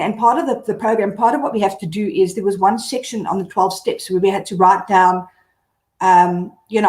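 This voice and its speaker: A woman's voice: medium pitch, darkish tone. A woman blogger as a guest on a casual live video chat, talking candidly in a rambling way with many fillers. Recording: echoey room.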